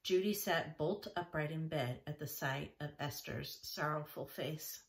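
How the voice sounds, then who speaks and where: A woman reading a classic children's novel aloud in a gentle, even narration. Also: sits low, a little slow, gravelly. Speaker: audiobook reader. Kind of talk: storybook narration.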